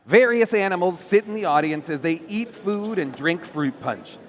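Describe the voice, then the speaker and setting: A man narrating the stage directions at a live staged reading on a theater stage, lively and playful. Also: high-pitched, moderate pace.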